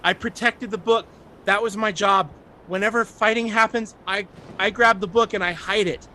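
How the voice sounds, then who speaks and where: A man's voice: high-pitched, fairly even intonation, brisk, pushed and bright, slight background noise, voice pushed up. A man doing a stammering scared boy. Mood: scared, pleading. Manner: stammering, anxious. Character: timid frightened young boy hiding on a ship.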